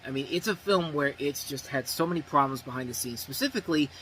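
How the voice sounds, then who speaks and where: Bright-voiced man hosting a movie review. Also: mid-range voice, lively intonation, fast talker, a little hiss or hum, poor audio. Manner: rambling, self-correcting, many "I mean"s. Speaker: movie review show host. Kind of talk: casual spoken movie review.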